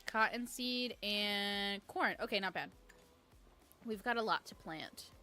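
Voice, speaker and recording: A woman's voice: medium pitch, pushed and bright. A woman from New York chatting casually with her audience while playing a game live, rambling and peppering her talk with "like". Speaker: streamer.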